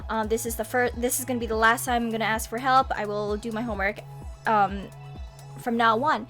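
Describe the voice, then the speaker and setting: A clingy teenage girl pleading again and again in a thin, high voice, done by a woman mimicking her. The begging runs together in a whiny, breathless stream. Faint music plays underneath. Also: fairly even intonation, brisk, a bit bright, natural voice.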